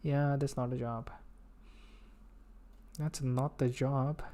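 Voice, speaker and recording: A man's voice: medium pitch, steady tone, slow pace, dark tone. A man with an Indian accent chatting casually on a live coding stream, muttering to himself and reading tutorial text aloud.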